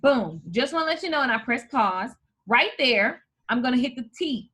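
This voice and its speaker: A woman host, teaching viewers in an energetic live video tutorial. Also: sits high, normal speed. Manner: energetic, hyped, addresses viewers as "you guys". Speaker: host and coach.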